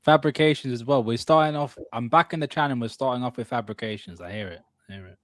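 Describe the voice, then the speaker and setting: A man's voice: medium pitch, fast talker, a bit bright, no echo. A man on a football chat panel, answering the host's teasing with mock-indignant banter. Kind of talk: casual football chat show.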